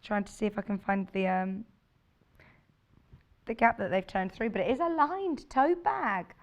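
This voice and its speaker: A woman's voice: medium pitch, lively intonation, unhurried, muffled recording. A woman presenting sewing kits on a live shopping channel, chatty and bubbly, thinking aloud as she shows the fabrics. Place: TV studio.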